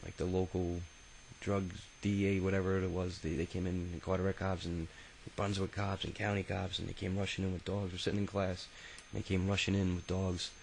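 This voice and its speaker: Gravelly low-voiced man, rambling memoir. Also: level tone, fairly quick, hardly any pauses, a little hiss or hum, low-quality recording. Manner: rambling and profane, many fillers and restarts. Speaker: autobiography narrator. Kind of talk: casual spoken memoir.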